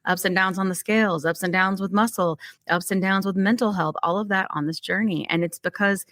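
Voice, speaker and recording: A woman's voice: mid-range voice, steady tone, brisk, fairly bright tone, no echo, clean studio sound. A woman hosting a podcast in a chatty, upbeat way, with frequent fillers. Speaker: podcast host. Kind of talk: casual podcast chat.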